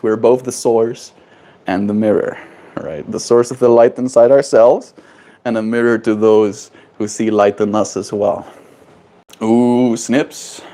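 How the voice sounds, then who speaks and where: A man's voice: medium pitch, warm tone. A man live-streaming from home in a playful, silly way, chatting casually and answering viewers' comments. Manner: playful, silly, reads chat aloud. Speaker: livestreamer.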